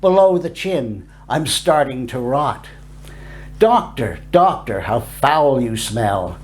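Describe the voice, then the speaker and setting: A man voicing a dying patient who pleads with a doctor in a slow, sing-song rhyming recital. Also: medium pitch, very animated, a little mellow. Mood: pleading.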